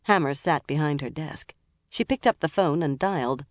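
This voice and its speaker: An audiobook narrator reading a crime thriller in an even, measured way. The voice sits at a middle pitch. The recording is dry and close to the mic. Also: no room sound.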